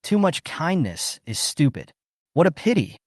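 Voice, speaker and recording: A man voicing an arrogant, hot-tempered young nobleman in a recap story, boastful and quick to anger. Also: fairly high pitch, very animated, a little mellow, dry recording, clean studio sound, voice pushed up. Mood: musing. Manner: boastful, angry.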